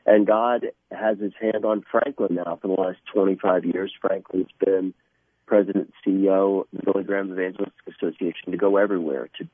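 A man speaking as a guest in a radio interview, earnest and halting, often restarting his sentences. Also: sits low, steady tone, husky, no echo. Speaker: guest from an evangelistic ministry. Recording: tinny phone line.

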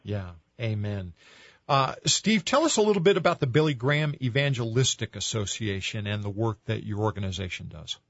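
A man's voice: fairly low pitch, expressive, a little fast, creaky, dry recording, muffled recording. A man hosting a radio interview, speaking with feeling and asking his guest questions. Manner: emotional, moved to tears. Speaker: radio host.

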